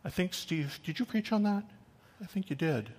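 A man preaching a sermon, swinging from loud, emphatic scripture reading to quiet, conversational asides to the congregation. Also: high-pitched, big pitch swings, normal speed, breathy edge. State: choked up with emotion.

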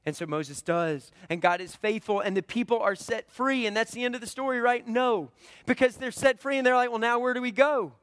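High-voiced man preaching a dramatic story. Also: brisk, fairly bright tone, no echo. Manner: dramatic retelling, acting out the characters' lines. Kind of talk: sermon storytelling.

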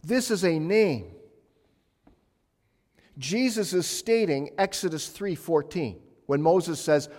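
A male pastor preaching a sermon with emphasis, swinging between loud passages and hushed ones. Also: on the high side, expressive, slow, long pauses. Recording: long reverb of a large hall.

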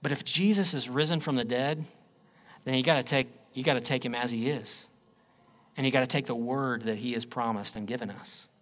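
A man preaching a sermon, swinging between loud declarations and low, quiet phrases. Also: brisk. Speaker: pastor.

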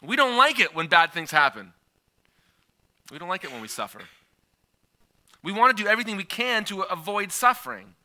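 A man in his thirties preaching a sermon, telling a personal story in a conversational, animated way. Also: sits high, moderate pace, pauses often. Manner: conversational, animated, with frequent filler and restarts.

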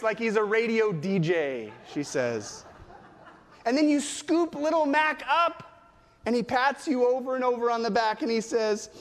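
High-voiced pastor preaching in a reverberant hall. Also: male voice, animated, moderate pace. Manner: storytelling with acted quotes. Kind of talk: sermon.

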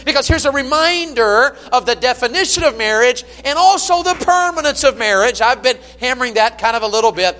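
Male pastor, high voice, lively folksy sermon, long church-hall reverb. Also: slight background noise. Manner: animated, folksy preaching with humor. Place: church sanctuary.

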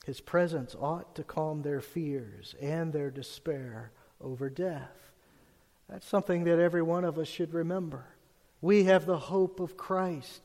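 Man preaching in a reverberant hall. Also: measured pace. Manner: earnest preaching, voice dropping low and soft on scripture. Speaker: pastor. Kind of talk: sermon.

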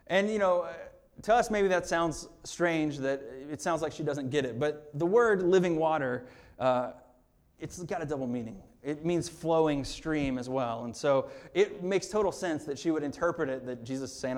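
A male pastor giving a sermon in a conversational way, with humorous asides and laughs, growing quiet and earnest on serious points. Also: a little high, normal speed.

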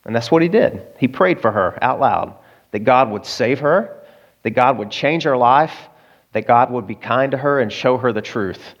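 A pastor delivers a sermon, telling a story conversationally and tossing asides to his listeners. His voice sits at a medium pitch with lively intonation and a moderate pace. The lo-fi recording sounds dull.

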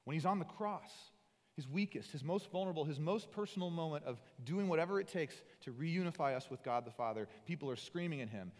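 A male pastor delivers a sermon in an earnest voice of middle pitch. He leans hard into emphatic lines, then drops to soft, intimate tones. His voice carries a long reverb tail, as in a large hall. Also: fast talker. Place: church sanctuary.

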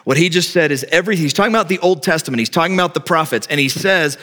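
A male pastor preaching a sermon with lively delivery, often acting out quoted speakers in a raised voice. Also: on the high side, rapid-fire.

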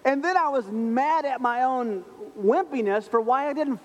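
High-voiced pastor in an echoing hall. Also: male voice, normal speed, highs cut off. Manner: humorous storytelling, self-mocking. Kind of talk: sermon. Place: church sanctuary.

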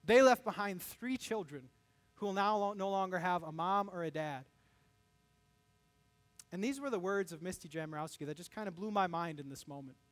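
Male preacher with a high voice, animated sermon delivery that slips into quoted voices. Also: normal speed. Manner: animated, acts out quoted voices with rising pitch. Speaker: pastor.

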